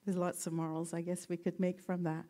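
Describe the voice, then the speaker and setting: A woman giving a gentle, reflective talk and telling a story, with self-deprecating humor. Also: fairly low pitch, little pitch movement, a little fast.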